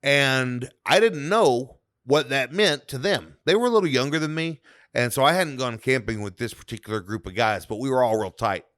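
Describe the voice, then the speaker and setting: A man's voice: mid-range voice, lively intonation, moderate pace, fairly bright tone, smooth, no echo, studio quality. A man podcast co-host, telling a story in easygoing casual chat. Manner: easygoing, laughs hard.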